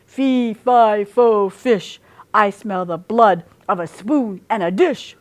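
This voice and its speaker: Booming storybook giant, as a woman puts him on. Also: slow pace, close to an everyday voice. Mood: menacing. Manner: booming chant.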